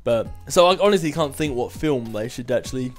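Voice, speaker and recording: A man's voice: medium pitch, lively intonation, brisk, soft background music. A young man in his twenties hosting a casual vlog and answering viewer questions in a rambling, chatty way, with self-mocking asides. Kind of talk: casual chat.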